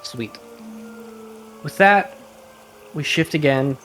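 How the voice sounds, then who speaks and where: A man running a tabletop game, narrating scenes in a relaxed way with casual fillers. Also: on the high side, slow, faint music behind. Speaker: game master.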